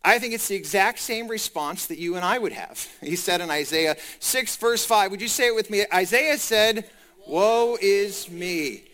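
A male preacher delivering a sermon in a high, bright voice. He is animated and keeps asking the congregation questions as he explains the scripture. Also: normal speed, few pauses. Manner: animated, talks to the congregation directly.

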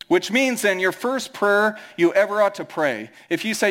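Midwestern male pastor, high bright voice, chatty preaching that slips into quoted voices. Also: animated, moderate pace. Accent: American Midwest. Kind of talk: sermon.

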